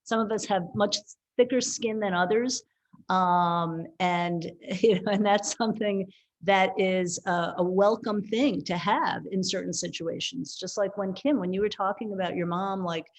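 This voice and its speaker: A woman's voice: medium pitch, fairly even intonation, a little slow. A woman co-host talking in a reflective, earnest way in casual chat.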